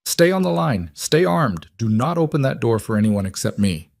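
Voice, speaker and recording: A man's voice: medium pitch, big pitch swings, moderate pace, creaky, a little mellow, no room sound. Man voicing a mafia boss, commanding, clipped orders, urgent, dry. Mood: tense. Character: commanding male mafia boss under pressure.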